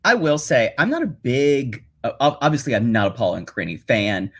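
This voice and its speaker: A man who co-hosts a podcast as a guest, chatting casually with lively, laughing asides. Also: mid-range voice, brisk, breathy edge. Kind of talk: casual chat.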